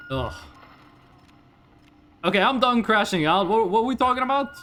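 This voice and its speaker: Ranting Norwegian woman streamer, native Norwegian speaker, lively and swings her pitch a lot, curses casually. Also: unhurried, a little hiss or hum. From Norway. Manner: ranting, swears freely, animated. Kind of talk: casual livestream chat.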